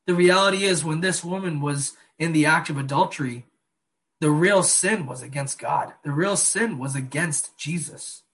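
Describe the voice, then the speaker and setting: A man preaching a sermon, earnest, slowing down and dropping soft on key phrases. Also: on the high side. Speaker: pastor.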